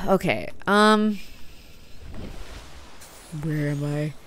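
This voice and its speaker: A woman's voice: deep voice, slow, vocal fry, long pauses, fairly bright tone, slight background noise. A woman hosting a gaming video, giving let's-play commentary and reacting aloud with gasps and small whispered asides.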